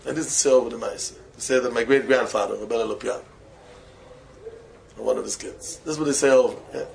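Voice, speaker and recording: A man, a rabbi, giving a Torah lecture in English full of Yiddish and Hebrew terms, with non-native phrasing, slowing to chant key phrases and breaking into sudden high exclamations. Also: fairly even intonation, vocal fry, slight background noise, low-quality recording. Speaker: rabbi teaching students. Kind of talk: Torah lecture to young men.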